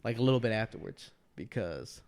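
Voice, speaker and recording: A man's voice: fairly low pitch, expressive, fairly quick, darkish tone, clear, resonant tone. A young man co-hosting a casual podcast, rambling through a story and acting out what other people said. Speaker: podcast co-host.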